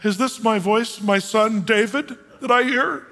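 A man acting out a remorseful aging king, slow and pleading. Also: sits high, pushed and bright, big-room sound, pitched above the performer's own voice, exaggerated voice.

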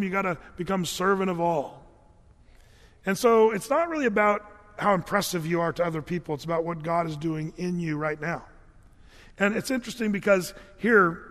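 A male pastor preaching a sermon in a lively, conversational storytelling manner. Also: high voice. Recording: echoey hall.

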